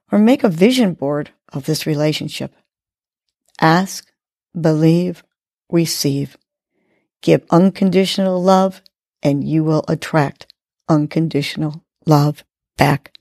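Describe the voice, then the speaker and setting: Slow, gravelly-voiced woman podcast host. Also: low voice, dry recording, studio quality. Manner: slow, calm guiding delivery. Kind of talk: guided breathing and affirmations.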